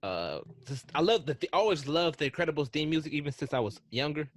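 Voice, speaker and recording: A man co-hosting a casual podcast, telling excitable, rambling stories with frequent restarts. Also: a little high, quick pace. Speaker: podcast co-host.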